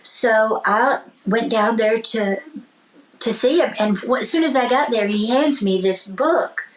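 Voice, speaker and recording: A woman's voice: a little high, a little slow, rough recording. A woman country singer-songwriter, a guest in a casual interview, tells stories with animation and acts out the voices of people in them. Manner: speaks of faith and blessings.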